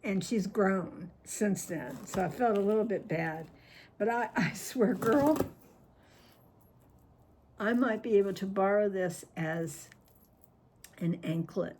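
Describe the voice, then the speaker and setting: A woman vlogger opening fan mail on camera, gushing and excitable, chatting to her viewers and her cat and trailing off mid-sentence. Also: medium pitch, measured pace, long pauses. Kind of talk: casual chat to camera.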